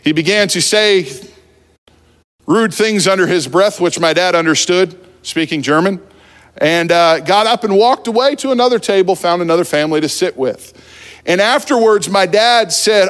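A man from New Jersey preaching a sermon, telling a funny story about himself in a relaxed, conversational way from the pulpit. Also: high voice, moderate pace. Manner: humorous, self-deprecating, conversational. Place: church sanctuary at the pulpit. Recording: long church hall reverb.

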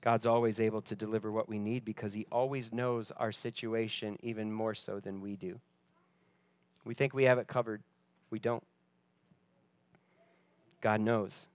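A man preaching a sermon, expressive, dropping to a soft voice when he quotes and rising when he stresses a point. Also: fairly low pitch, normal speed, pauses often, no echo. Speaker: pastor.

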